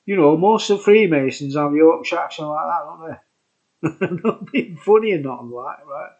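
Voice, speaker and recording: A man's voice: on the high side, expressive, normal speed, a little mellow, lo-fi sound. A tipsy man rambling through a casual beer review, chuckling often and dropping conspiratorial asides.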